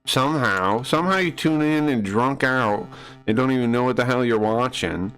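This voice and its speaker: A man streaming live, answering chat in a combative, mocking and crude way, sometimes dropping to low mutters. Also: moderate pace, a bit bright, clean tone, soft background music. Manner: drops to low muttering asides. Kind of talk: casual live-stream rant.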